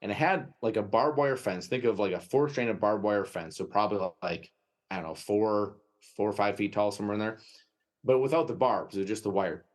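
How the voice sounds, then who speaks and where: A man with a Wisconsin accent, a guest telling a lively anecdote in an interview and often tagging his sentences with "right?". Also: on the low side, fairly quick. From United States. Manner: lively anecdotal storytelling, frequent "right?" tags. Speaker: guest, dog trainer. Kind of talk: storytelling interview.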